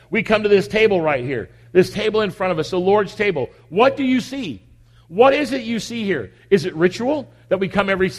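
A man preaching a conversational sermon in church, full of repeated rhetorical questions. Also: high-pitched. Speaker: pastor. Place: church, at the communion table. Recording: long echo of a big hall.

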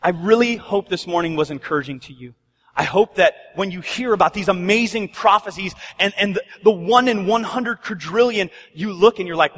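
A man's voice: high-pitched, moderate pace, a bit bright, long reverb tail. A man preaching a sermon as pastor, urgent and conversational, often acting out bits of dialogue. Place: church sanctuary.

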